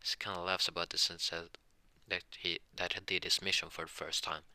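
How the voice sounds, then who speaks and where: A man improvising a fan story narration, halting with frequent restarts and self-corrections. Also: low-pitched, little pitch movement, bright, forceful tone, no echo.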